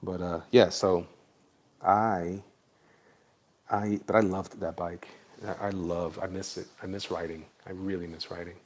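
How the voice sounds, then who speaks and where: A man's voice: sits low, flat delivery, measured pace. A man in Florida chatting casually with viewers on a livestream while he draws, laid-back and jokey. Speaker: livestream artist.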